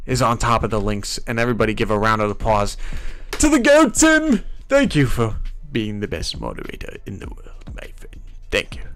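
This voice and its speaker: A man's voice: medium pitch, a bit bright. A man hosting a casual livestream, upbeat and hyped, reading viewer comments aloud, with a stuffy nose from allergies. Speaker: livestream host.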